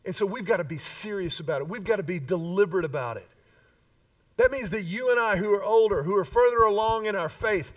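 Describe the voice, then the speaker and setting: Emphatic preacher, higher voice, distant mic. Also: male voice. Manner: emphatic preaching with repeated call-and-response lines. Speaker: pastor. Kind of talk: sermon. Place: church sanctuary.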